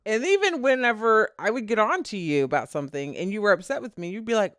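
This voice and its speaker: A woman's voice: medium pitch, fast talker, dry recording, clean studio sound. A middle-aged woman co-hosting a podcast with her son, telling stories in casual chat, laughing often and acting out quoted lines. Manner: animated storyteller, laughs often, acts out quotes. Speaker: podcast co-host.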